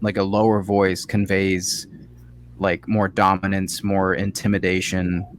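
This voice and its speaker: A man's voice: low voice, monotone, a little slow, a little hiss or hum. A young man co-hosting a podcast in casual chat, speaking loosely with lots of fillers while explaining ideas. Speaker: podcast co-host.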